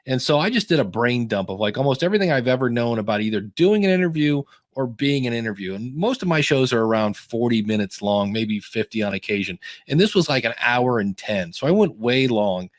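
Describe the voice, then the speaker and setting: A man's voice: mid-range voice, big pitch swings, a little fast, few pauses, no echo, studio quality. A man co-hosting a podcast review, giving casual advice through rambling anecdotes full of restarts. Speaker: podcast consultant and co-host.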